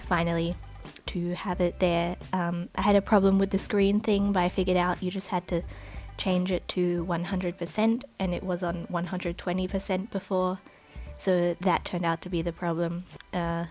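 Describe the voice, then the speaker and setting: A woman's voice: on the low side, darkish tone. A woman vlogger giving a chatty, rambling voice-over for an unboxing video, full of "like" and "uh", on a not very good home microphone.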